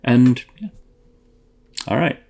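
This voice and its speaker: A man's voice: mid-range voice, lively intonation, slow, gravelly, darkish tone, breathy edge. A man hosting a whisky tasting video, chatting casually and thinking aloud with fillers and self-corrections. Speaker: host.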